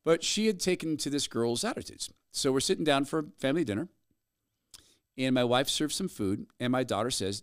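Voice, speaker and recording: A man hosting a talk show, telling stories with animated energy. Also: mid-range voice, fairly quick, clean tone, no echo, clean studio sound. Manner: animated storyteller. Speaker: host. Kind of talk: talk radio banter.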